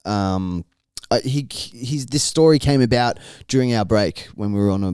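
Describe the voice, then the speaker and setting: A man's voice: mid-range voice, normal speed, a little mellow, clear, resonant tone, dry recording, studio quality. A young man co-hosting a podcast, telling a story in casual, crude, profane banter and often laughing. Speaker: podcast co-host.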